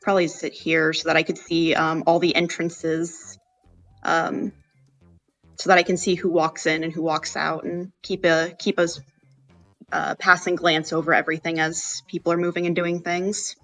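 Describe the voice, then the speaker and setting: A player with a flat, even voice rambles through their character's actions in a tabletop game, full of "like" and "probably". Faint music sits underneath. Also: mid-range voice, normal speed.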